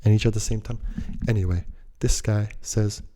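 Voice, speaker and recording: A man's voice: lowish voice, fairly even intonation, normal speed, dark tone. A man telling a personal story in a laid-back, slangy, rambling way that drifts into musing.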